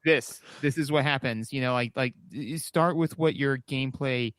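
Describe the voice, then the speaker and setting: A man in his thirties co-hosting a podcast, casually reviewing a retro game and agreeing often in a halting way. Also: mid-range voice, a bit bright, clear, resonant tone, dry recording, studio quality. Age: 30s. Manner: agreeable, halting, repeats "like" and "you know". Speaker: podcast co-host.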